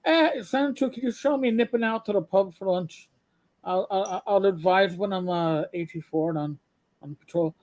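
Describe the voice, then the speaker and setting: A man's voice: high-pitched, moderate pace, a little mellow, close to an everyday voice. A man voicing a jovial Irish male beat cop calling in over the police radio in a stage Irish brogue. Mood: cheeky. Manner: cheeky, breezy radio call.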